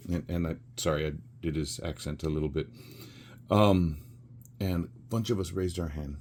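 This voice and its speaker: A man's voice: low-pitched, normal speed, darkish tone, slight background noise. A man in his sixties telling a rambling story with chuckles and fillers while he works on a craft. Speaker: resin crafter.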